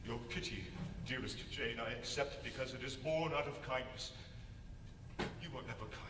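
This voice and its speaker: A man's voice: mid-range voice, normal speed, noisy background, close to an everyday voice. A man playing stormy Mr Rochester on stage. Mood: tender. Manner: stormy, declamatory, given to stammered repeats. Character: Mr Rochester, a brooding passionate older gentleman. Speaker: stage actor. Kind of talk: stage musical acting. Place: theatre stage.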